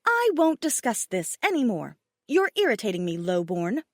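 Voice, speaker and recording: Woman doing an angry high-strung dragon queen, swoopy and loud, dry mic. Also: sing-song, moderate pace, no echo. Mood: indignant. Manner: sharp, indignant, raised voice. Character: furious proud female dragon queen.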